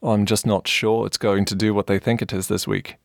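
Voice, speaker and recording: A blunt, dismissive South African pro surfer, as a man reading the story puts him on. His low voice has a gravelly edge and sounds dry and close, with no room around it. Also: level tone, brisk, dry recording.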